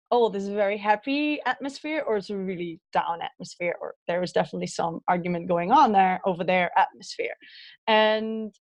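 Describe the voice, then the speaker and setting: A woman with a Dutch accent, a guest in an interview, telling childhood stories in an animated, chatty way. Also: medium pitch, no echo. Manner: animated storytelling with laughs and acted childhood quotes. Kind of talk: conversational interview storytelling.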